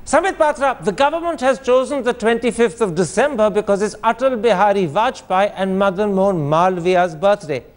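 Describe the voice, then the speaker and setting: A man's voice: high-pitched, moderate pace, few pauses. A man hosting a TV debate, pressing guests with pointed questions. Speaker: TV debate host. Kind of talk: combative TV debate.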